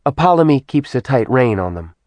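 A man's voice: medium pitch, big pitch swings, brisk, a little mellow, dry recording, pitched above the performer's own voice, close to an everyday voice. A man voicing a weary young woman who tries to keep her unruly sisters in line. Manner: patient, warning.

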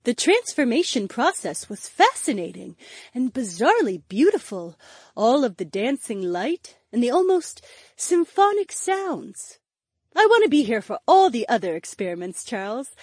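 A woman voicing a calm young monster woman who speaks in measured wonder. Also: fairly high pitch, no echo, clean studio sound. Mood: awed.

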